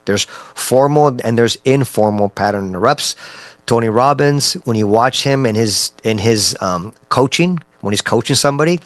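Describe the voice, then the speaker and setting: A man's voice: lowish voice, fairly bright tone, dry recording. A man coaching on mindset in a casual teaching talk, checking in often with his listeners. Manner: conversational, frequent "right?" check-ins, restarts. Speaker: NLP coach.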